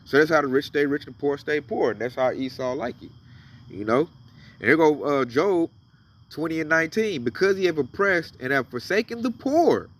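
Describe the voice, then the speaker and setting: A man's voice: fairly high pitch, animated, normal speed, distant mic. A man giving casual, emphatic commentary on scripture, reading verses aloud and then riffing on them. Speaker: religious commentator.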